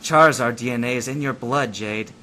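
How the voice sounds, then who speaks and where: A man's voice: medium pitch, a little fast, pushed and bright, a little hiss or hum, close to an everyday voice. A man voicing a flustered old gym leader and scientist who scolds his nephew. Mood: grave.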